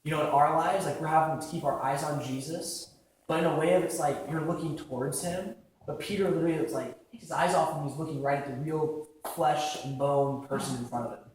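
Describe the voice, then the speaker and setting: A young man giving a casual sermon, talking conversationally with lots of "like" fillers and acting out quick quotes. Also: a little high, a little hiss or hum. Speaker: preacher. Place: large echoing church hall. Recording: very echoey hall from far off.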